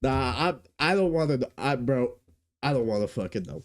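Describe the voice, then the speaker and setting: A woman giving reaction commentary in a slangy, incredulous way, swinging from low mutters to squealing outbursts. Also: expressive, moderate pace.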